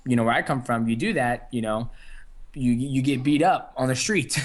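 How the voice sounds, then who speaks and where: A young man talks through an interview at an easygoing pace. His speech is loose and full of fillers and restarts. His voice sits at an average pitch. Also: moderate pace. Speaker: interview guest, fighter. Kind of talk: casual phone interview.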